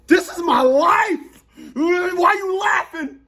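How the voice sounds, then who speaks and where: A man's voice: very high voice, fairly even intonation, unhurried, a bit bright, voice pushed up, exaggerated voice. A man voicing a panicked grown man who stammers and whines through tears. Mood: wailing. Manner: whiny, stammering, crying.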